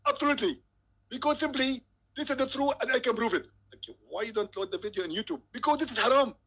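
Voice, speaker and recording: Guy putting on a pompous preacher voice, pushed up high, loud and sure of himself, kinda husky. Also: quick pace, full character voice. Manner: emphatic, pompous, raised voice. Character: smug, insistent adult male preacher answering a call. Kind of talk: comedic impression.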